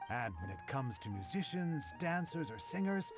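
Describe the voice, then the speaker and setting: An upbeat bazaar merchant. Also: male voice, on the high side, sing-song. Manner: salesman-like, brisk. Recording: clear game music behind.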